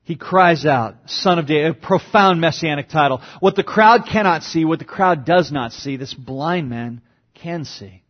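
A man's voice: unhurried, lo-fi sound. A man preaching a sermon as pastor, explaining a passage verse by verse and acting out quoted cries with sudden rises in voice. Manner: dynamic, acts out quoted lines with big pitch jumps.

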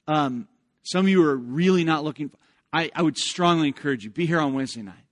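A man preaching a sermon as pastor, often repeating words as he starts a phrase and swelling loudly when he reads scripture. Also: a little high, a little fast.

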